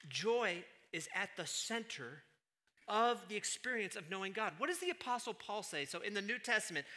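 A male pastor delivers a sermon in a very bright, somewhat high voice. He drops to hushed asides and then climbs into loud, punchy emphasis. The preaching is animated and direct. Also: normal speed.

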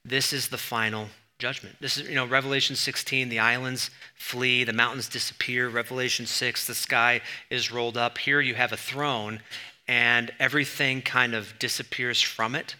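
Bright, sharp-voiced male preacher. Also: medium pitch, level tone, moderate pace, clean tone. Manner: conversational and emphatic, with sudden bursts of stress. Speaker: pastor. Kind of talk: sermon teaching.

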